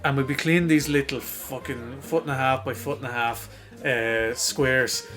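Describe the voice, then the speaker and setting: A man's voice: medium pitch, steady tone, normal speed, a bit bright, soft background music. An Irish man co-hosting a podcast, telling stories in casual chat, laughing often and swearing freely. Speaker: podcast co-host.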